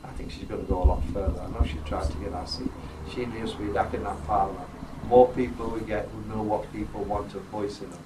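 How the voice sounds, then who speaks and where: A man addresses residents in a community venue. His speech is informal, teasing and blunt, and he keeps pulling the crowd into it. The sound comes from a distant microphone in an echoey room with a steady wash of background noise. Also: lowish voice, fast, hardly any pauses. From Yorkshire, England. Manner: jokey, rousing, blunt, works the crowd with questions. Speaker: politician addressing local residents. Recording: roomy, distant, noisy ambience.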